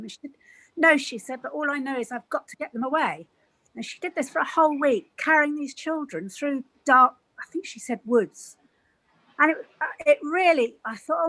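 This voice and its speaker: A woman's voice: high-pitched, expressive, moderate pace, pushed and bright, no echo, low-quality recording. A woman who works as a caregiver, earnestly telling an emotional personal story on a video call.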